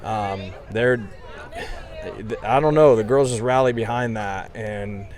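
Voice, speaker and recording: A man's voice: on the low side, slow pace, darkish tone, a faint crowd. A man, a head coach, talking chattily and enthusiastically after a game, outdoors at a ballfield, with many "um"s and restarts. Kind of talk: postgame radio interview.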